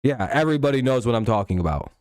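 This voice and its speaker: Young guy hosting a stream, arguing hard, swears a lot, middle pitched, dry sound. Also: lively intonation, rapid-fire, darkish tone, smooth, no echo. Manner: argumentative, profane, repeats himself. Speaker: host. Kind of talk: heated casual argument.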